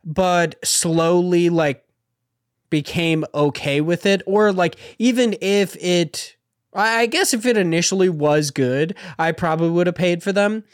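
A man on a casual podcast, talking in a rambling way and packing his sentences with filler words. His voice sits a bit higher than most men's and sounds close and dry, with no room around it. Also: no room sound. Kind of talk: casual gaming podcast chat.

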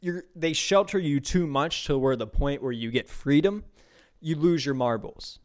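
A man's voice: fairly high pitch, normal speed, a little mellow. A young man from Pittsburgh hosting a casual solo podcast, rambling and swearing with lots of laughs and repeated words. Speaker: podcast host.

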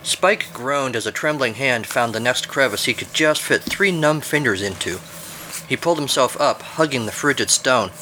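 A man's voice: mid-range voice, expressive, moderate pace, bright, forceful tone, a little hiss or hum. A man reading his own adventure story aloud with wry, playful narration.

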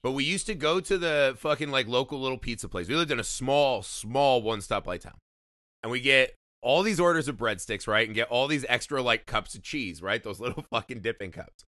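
A podcast co-host from Indiana, USA, spins a wild story during casual chat, swearing freely and laughing often. His medium-pitched voice is bright and forward and moves fairly quickly. The recording is dry and close, with no room sound.

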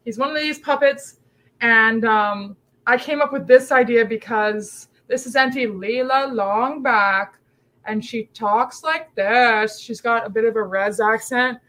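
Woman podcast guest, higher-pitched, chatty and animated, quick bursts. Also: rough recording. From Canada. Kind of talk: casual chat.

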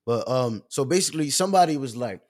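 A man's voice: medium pitch, animated, fast talker, a little mellow. Passionate, slangy man ranting casually. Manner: passionate, emphatic, conversational; loose slangy speech with many fillers. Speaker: show host. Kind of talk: casual storytelling rant.

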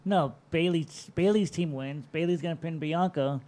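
A man on a podcast panel who makes quick, confident predictions. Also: fairly high pitch, a little mellow. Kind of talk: casual podcast chat.

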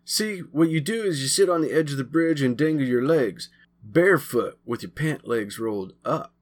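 A man voicing an excitable teen boy showman. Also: on the high side, normal speed, pitched above the performer's own voice. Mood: eager. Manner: eager, breathless showman. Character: excitable teenage boy telling ghost stories.

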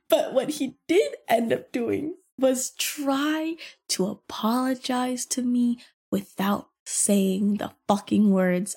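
A young woman hosts a casual podcast, telling a petty workplace story full of swearing. Her voice sits a little high, and she tells it in an animated way. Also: takes it slowly, slightly rough. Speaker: podcast host.

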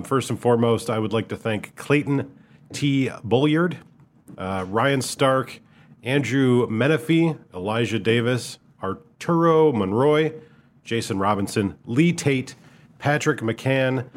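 A man co-hosting a podcast with a Midwestern American accent, talking in a relaxed, rambling, self-deprecating way. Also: medium pitch, slight background noise. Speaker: podcast co-host. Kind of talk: casual chat.

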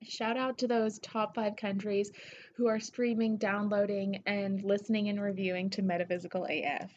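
A woman from Tennessee with a Southern accent, hosting her podcast in an excitable, gushing, casual way that swears freely. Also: mid-range voice, moderate pace, lo-fi sound, slight background noise. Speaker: podcast host. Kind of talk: casual solo podcast shout-outs.

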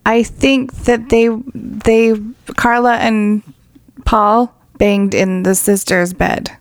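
A woman's voice: medium pitch, little pitch movement, takes it slowly, no room sound, studio quality. A woman co-hosting a casual true crime podcast, blunt and indignant, swearing often as she reads out case details. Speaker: podcast co-host.

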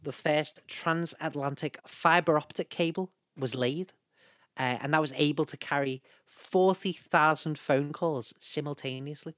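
A man co-hosting a podcast in casual, jokey chat, often trailing off quietly. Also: on the high side, a little slow, dry recording, studio quality. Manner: jokey, trails off softly at ends of lines. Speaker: podcast co-host.

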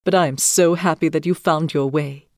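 A man's voice: fairly high pitch, steady tone, normal speed, dry recording, studio quality, pitched above the performer's own voice, close to an everyday voice. A man voicing a friendly, mysterious man at a Christmas party. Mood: kindly.

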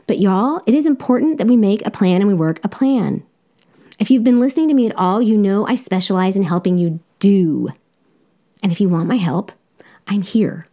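A woman's voice: medium pitch, moderate pace, dark tone. A woman with a Southern accent, a life coach hosting a podcast, talking directly and encouragingly to her listeners with easy laughs. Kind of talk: solo podcast coaching talk.

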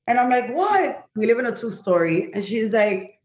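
A woman's voice: medium pitch, fairly quick, darkish tone. A woman, a paranormal investigator from Florida, telling a family story in a chatty way. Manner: chatty, quotes people in raised voices. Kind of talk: casual storytelling. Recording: echoey room.

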